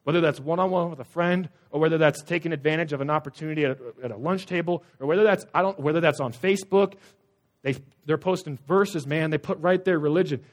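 A young man preaching a sermon to students, animated, swinging between loud emphatic lines and hushed asides. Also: a little high. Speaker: youth pastor.

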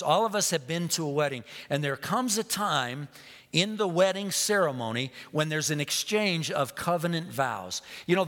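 Preacher in a reverberant hall. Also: male voice, a little high, fairly bright tone. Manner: storytelling, repeats phrases, drops to a whisper. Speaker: pastor. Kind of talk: sermon.

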